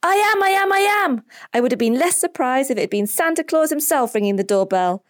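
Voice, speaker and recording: A woman voicing an eager, impatient young boy in a children's story, speaking in high, breathless squeals. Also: animated, slow pace, no room sound, studio quality. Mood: excited.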